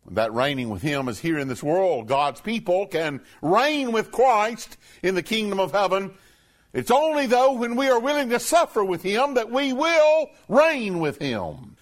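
A man preaching a sermon, talking plainly to his congregation and reading scripture aloud slowly and emphatically. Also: high-pitched. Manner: emphatic, reads scripture in a slow raised voice.

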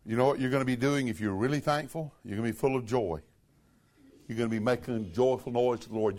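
A man preaching a sermon to his congregation, emphatic and earnest, swinging between loud high stresses and low quiet phrases. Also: normal speed.

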